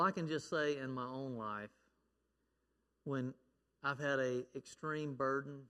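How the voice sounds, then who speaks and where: Bright-voiced male preacher in a hall. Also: fairly high pitch. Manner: storytelling, acts out a child's shouting prayer. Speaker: pastor. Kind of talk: sermon.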